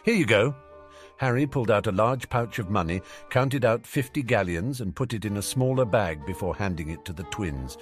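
Brief: male audiobook narrator, low-pitched and animated, soft music underneath. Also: a little fast, few pauses. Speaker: audiobook reader. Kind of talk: fan fiction audiobook narration.

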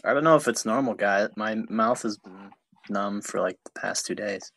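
A man's voice: lowish voice, moderate pace, vocal fry, a bit bright, rough recording. A man co-hosting a podcast in casual chat, full of playful, teasing banter. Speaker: podcast co-host.

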